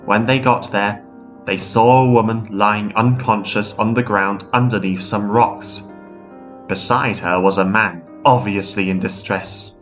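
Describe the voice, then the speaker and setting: A man narrating a ghost story in a measured, steady way. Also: on the low side. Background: faint guitar music.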